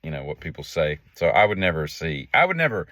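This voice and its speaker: A man's voice: rumbling low, very animated, quick pace, bright, forceful tone, no echo. A man telling a story in a casual monologue, sarcastic and dry in his asides. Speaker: vlogger.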